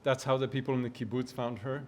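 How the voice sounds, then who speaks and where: A man speaking off the cuff at his mother's memorial, halting and hesitant. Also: medium pitch, little pitch movement. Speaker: son of the deceased, eulogy speaker. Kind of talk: unprepared memorial remarks.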